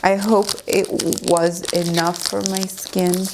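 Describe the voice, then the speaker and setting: A woman's voice: on the low side, little pitch movement, takes it slowly, noisy background. A young woman in her twenties vlogging at home to camera, talking candidly and nervously about the pain she is in. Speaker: beauty vlogger. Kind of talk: casual vlog talk to camera. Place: at home indoors.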